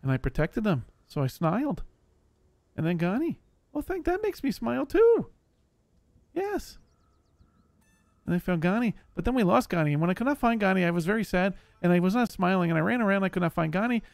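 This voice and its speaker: A man voicing a gentle, simple-minded male barbarian warrior who talks slowly and formally, never using contractions, in a live game roleplay. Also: high voice, sing-song, gravelly, no echo, full character voice. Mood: earnest. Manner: speaks without contractions, childlike and earnest. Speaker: streamer.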